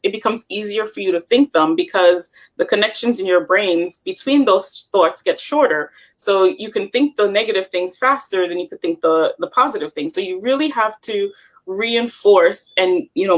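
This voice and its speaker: A woman's voice: mid-range voice, normal speed. A woman hosting a motivational chat, explaining and encouraging in an earnest way. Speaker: host.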